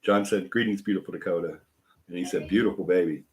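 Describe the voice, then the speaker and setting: A man's voice: sits low, quick pace, darkish tone. An older man, hosting a paranormal live stream from home and chatting casually with viewers in a rambling, chuckling way. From Alabama. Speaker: paranormal show host. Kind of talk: casual livestream chat.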